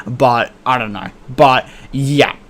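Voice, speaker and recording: An excitable young man recaps a comic in a casual, rambling reaction, piling on fillers and swearing. His voice sits mid-pitched and he laughs often between thoughts. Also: slow pace. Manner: excitable, heavy fillers, profane, laughs a lot. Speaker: manga reviewer.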